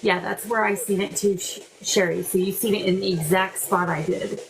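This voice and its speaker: A woman's voice: mid-range voice, steady tone, normal speed, vocal fry, rough recording. A woman hosting a live paranormal investigation, calling out to spirits and answering viewers by name. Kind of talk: live ghost-hunt chat.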